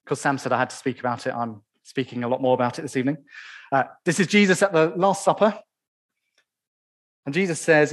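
A man preaching a sermon in church, stressing key phrases slowly and asking the congregation rhetorical questions. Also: medium pitch, steady tone.

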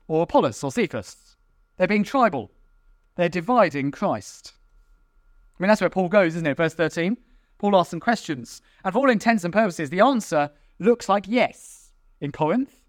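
Male preacher, high and very lively voice, dry close sound, animated sermon delivery. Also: no room sound. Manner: animated, acts out quarrelling church members in mocking voices.

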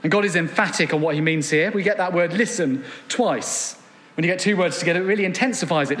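A man's voice: on the high side, brisk, a bit bright. A man preaching an evening sermon, earnest, reading scripture aloud and asking rhetorical questions. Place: church gathering room. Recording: long hall reverb.

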